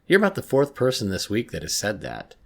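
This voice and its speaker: A man's voice: fairly low pitch, huge pitch swings, brisk, fairly bright tone, pitched above the performer's own voice, heavily acted. A man voicing a worried female school counselor who questions a student, in a horror story reading. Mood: puzzled.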